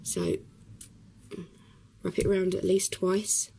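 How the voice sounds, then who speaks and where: A woman with a hoarse, croaky voice from a cough, explaining a craft project step by step in a chatty way with many pauses. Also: medium pitch, sing-song, mellow, a little hiss or hum, poor audio. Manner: chatty, talks while working, many ums. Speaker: craft tutorial host. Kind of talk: casual craft tutorial.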